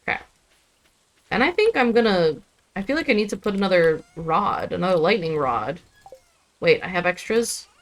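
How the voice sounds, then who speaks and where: A woman's voice: on the low side, big pitch swings, moderate pace, pauses often. A young adult woman chatting casually on a live game stream, rambling about her day and switching to baby talk with her cat. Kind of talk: casual live-stream chat while gaming.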